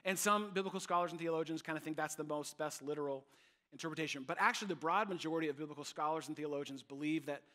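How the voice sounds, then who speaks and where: Male pastor, bright upper voice, emphatic sermon delivery. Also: fairly high pitch, quick pace. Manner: animated, emphatic preaching.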